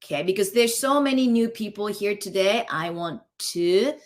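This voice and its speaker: A woman teaching a live online face yoga class. She gives gentle breathing cues, counts out each hold and keeps checking in with the group. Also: mid-range voice, animated, normal speed. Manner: coaching, counts out holds, keeps checking in with "okay?".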